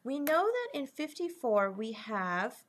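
A woman's voice: high voice, very animated. Patient woman teaching a math lesson. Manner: patient, checks in with frequent "okay?"; slows down and stresses key terms. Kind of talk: recorded online math lesson.

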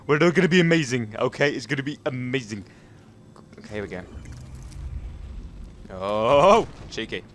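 A young man giving casual, excitable commentary over gameplay. He yelps and chatters at the game as he plays. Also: medium pitch, quick pace, a little hiss or hum. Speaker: gaming commentator.

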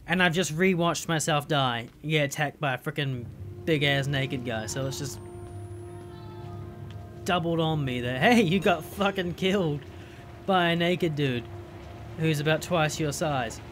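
A gamer giving profane, exasperated running commentary over a horror game and yelling at the screen in bursts. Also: medium pitch, a little slow, pauses often, music in the background. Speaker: let's play gamer. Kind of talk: live gameplay commentary.

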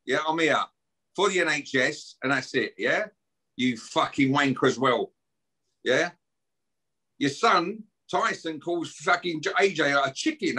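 A man's voice: fairly high pitch, lively intonation, a little slow, sharp tone, breathy edge. A middle-aged man, guest on a podcast, ranting aggressively and swearing and taunting as he talks. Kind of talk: heated podcast rant.

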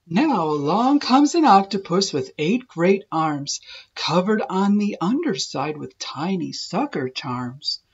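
A woman reading a children's picture book aloud in a slow, sing-song rhyming manner. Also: lowish voice, very animated, breathy edge, lo-fi sound. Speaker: storybook reader. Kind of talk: children's read-aloud narration.

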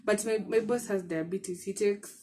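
A woman's voice: medium pitch, fairly even intonation, moderate pace, warm tone, a little hiss or hum. Chatty Kenyan woman, short of breath. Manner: chatty, laughs often, mixes in Swahili words. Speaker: vlogger. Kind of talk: casual chat to camera. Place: bedroom at home.

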